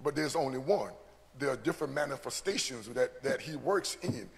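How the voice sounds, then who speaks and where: A man's voice: medium pitch, expressive, moderate pace, vocal fry. A man preaching a teaching sermon, earnest, often repeating words as he builds a point. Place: church. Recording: long church hall reverb.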